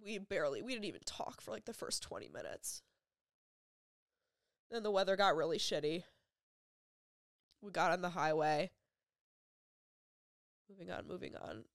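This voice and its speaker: Low-voiced young woman telling a painful story. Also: lively intonation, gravelly, dry recording, clean studio sound. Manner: halting, emotional retelling with repeated phrases and many "like" fillers. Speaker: vlogger. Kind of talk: personal storytelling.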